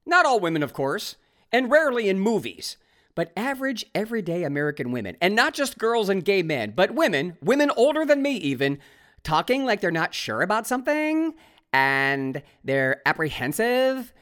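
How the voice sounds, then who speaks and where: Sarcastic ranting man with a lively voice. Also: high voice, moderate pace. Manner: reads articles aloud with running commentary. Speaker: podcast host. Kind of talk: opinionated solo monologue.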